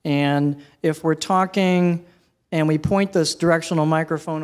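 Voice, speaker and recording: A man leads a live workshop on microphone technique, and his voice sits a little high for a man. He talks in a relaxed, conversational way and turns to the audience with questions. He is heard through handheld and headset microphones in a room with a sound system. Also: unhurried, clear, resonant tone. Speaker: presenter teaching microphone technique. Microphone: handheld and headset microphones, switched during demo.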